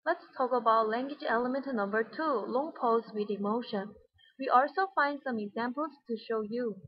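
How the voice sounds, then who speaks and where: Young woman, first language Mandarin, student presenter, husky, slightly high, dull muffled recording. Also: normal speed. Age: young adult. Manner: explains points, then repeats film lines after her partner. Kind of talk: classroom presentation on movie speech.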